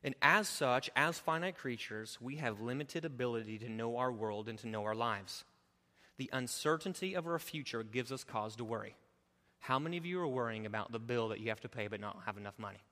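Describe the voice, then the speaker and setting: A man preaching a sermon as pastor, animated and swinging between hushed and loud. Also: medium pitch, a little fast, in a large hall.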